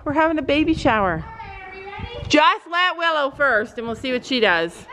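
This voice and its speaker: A woman's voice: sits high, big pitch swings, moderate pace. A woman vlogging casually at a horse barn, chatting to her viewers and cooing praise at her horses. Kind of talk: casual vlog chat.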